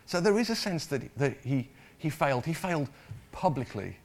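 A man's voice: fairly high pitch, very animated, moderate pace. A man preaching a sermon in a conversational way, often repeating words and putting questions to the congregation.

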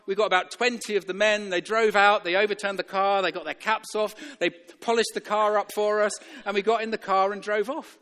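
Emphatic high-voiced preacher in an echoing hall. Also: male voice, steady tone, brisk, few pauses, a bit bright. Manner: emphatic, repeats phrases, chuckles between points. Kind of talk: sermon. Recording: long reverb of a church hall.

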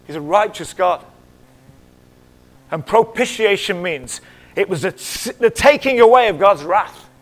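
A middle-aged male pastor preaching in church, swinging between loud exclamations and hushed whispers and asking the congregation questions. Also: sits high, expressive, measured pace, long pauses. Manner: conversational, asks the congregation questions. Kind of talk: sermon.

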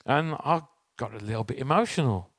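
A man's voice: mid-range voice, animated, a little fast, fairly bright tone, dry recording. A man giving a conversational sermon, telling a personal story and asking the congregation rhetorical questions. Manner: chatty, asks the audience rhetorical questions. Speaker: church speaker.

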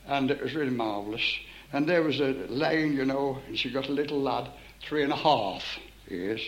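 Fervent preacher, echoey crowded hall. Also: male voice, on the high side, slight background noise. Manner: fervent, calls out for the crowd to shout. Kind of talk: revival meeting preaching. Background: congregation responding.

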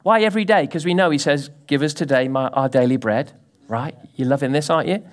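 A man pastors a congregation through an animated sermon, his voice rising and dropping abruptly as he regularly asks his listeners questions. His voice is mid-range and his pace a little fast.

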